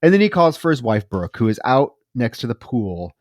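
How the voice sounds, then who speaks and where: A man talking through a film on a podcast at an ordinary pitch. He circles back and repeats words as he thinks aloud. The sound is dry and close to the mic. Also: big pitch swings, dry recording. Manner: halting, with frequent restarts and repeated words. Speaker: podcast co-host. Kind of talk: casual film discussion.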